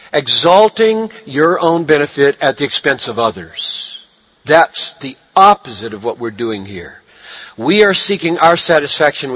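A man preaching a sermon, animated, swinging from hushed lines to shouted ones. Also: fairly high pitch. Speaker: pastor.

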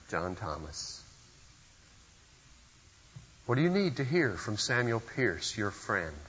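A man's voice: lowish voice, a bit bright, breathy edge, long reverb tail, lo-fi sound. A man preaching a sermon at a church service, earnest and emphatic, pressing his points with sudden surges of force. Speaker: pastor.

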